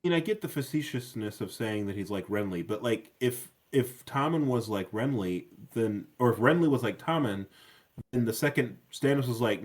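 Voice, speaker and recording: A man's voice: fairly low pitch, lively intonation, normal speed. A man co-hosting a podcast, reasoning his point aloud with many restarts in a casual discussion. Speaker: podcast co-host.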